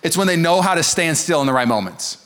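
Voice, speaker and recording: Animated higher-voiced male pastor preaching. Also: quick pace. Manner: animated, jokey, acts out voices of others. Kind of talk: sermon.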